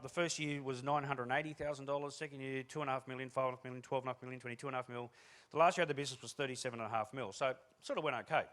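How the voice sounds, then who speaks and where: A middle-aged Australian man giving a comic motivational keynote talk to a room, telling stories with jokes. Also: medium pitch. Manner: animated, joking storyteller. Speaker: keynote speaker. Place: room with a live audience.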